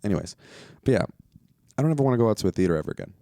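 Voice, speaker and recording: Deep, gravelly young man ranting on a podcast. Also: animated, racing, dark tone, dry recording, clean studio sound. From United States. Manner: profane, rambling, exasperated. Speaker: podcast host. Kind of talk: casual solo podcast rant.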